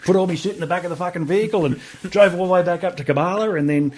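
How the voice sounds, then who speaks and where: A man's voice: sits high, rapid-fire, a little mellow. Swearing Australian man telling army stories. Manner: swears freely, acts out remembered dialogue. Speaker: guest, army veteran. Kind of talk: casual storytelling interview.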